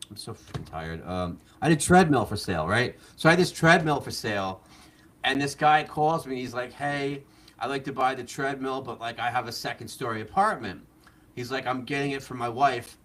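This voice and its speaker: A man's voice: mid-range voice, a bit bright, slight background noise. A man guest on a live show telling a long story in a casual, rambling way, with many fillers and laughs, talking through a mask. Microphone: wearing a mask.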